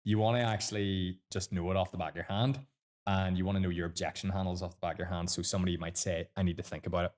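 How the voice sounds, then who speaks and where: Northern Irish man, deep voice, quick and blunt, sweary mentor type. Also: steady tone, a little mellow. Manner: blunt, sweary, fast-talking. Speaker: sales mentor guest. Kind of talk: casual podcast chat.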